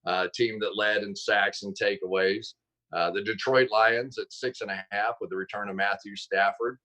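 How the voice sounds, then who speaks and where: Bright, animated male storyteller guest. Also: on the low side, normal speed, poor audio. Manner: animated storyteller, laughs often, self-deprecating. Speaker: guest, former football player and broadcaster. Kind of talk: interview over video call. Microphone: video call.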